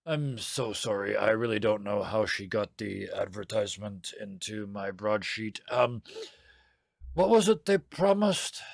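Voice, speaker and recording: A man's voice: fairly low pitch, expressive, unhurried, vocal fry, dry recording, clean studio sound, full character voice. A man doing a flustered, apologetic father. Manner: stammering, apologetic. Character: flustered polite father holding back a child.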